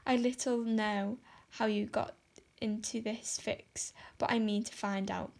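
A woman's voice: mid-range voice, steady tone, a little slow, gravelly, darkish tone. A woman voicing a stern older spinster who scolds and speaks with dry sarcasm.

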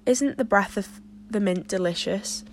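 A woman's voice: medium pitch, measured pace, slight background noise, close to an everyday voice. A woman reading the lines of an earnest, ambitious teenage girl who speaks in an impassioned, wordy way. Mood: joyful.

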